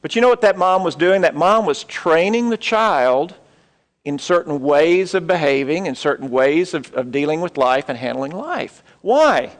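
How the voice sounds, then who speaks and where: A man's voice: a little high, expressive, long reverb tail. A middle-aged man, preaching a sermon in a church auditorium and telling a story with asides to the congregation. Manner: storytelling with pauses and asides to the audience. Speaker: pastor.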